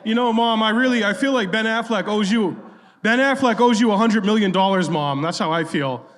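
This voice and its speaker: A man in his thirties co-hosts a live comedy show, throwing out dry, sardonic rants that push up to a shout. His voice sits a little high for a man and rings with long hall reverb. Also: a little fast. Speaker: comedy podcast co-host. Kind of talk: live stand-up banter. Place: legion hall stage before a live audience.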